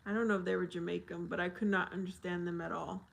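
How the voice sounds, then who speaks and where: A woman hosting a casual livestream, reading viewer comments aloud slowly and laughing often. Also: lowish voice, level tone, creaky. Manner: slow, drawn-out reading with frequent laughter. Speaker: livestream host.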